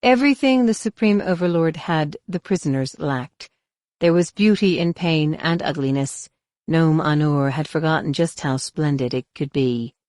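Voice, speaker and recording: A woman's voice: sits low, normal speed, darkish tone, dry recording, studio quality. A woman narrating a science-fiction audiobook dramatically, voicing the characters. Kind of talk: scripted narration.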